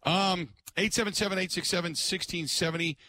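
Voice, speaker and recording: A man's voice: high-pitched, a little fast, dry recording. A man hosting a sports radio show, telling stories in a casual chat and laughing often. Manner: laughs often, animated storytelling.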